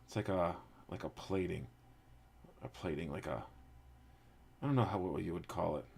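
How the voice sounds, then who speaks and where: A man's voice: low voice, moderate pace, vocal fry, a little mellow, breathy edge. A man casually chatting to his livestream viewers while painting a model, rambling with lots of fillers. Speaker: streamer painting a 3D print.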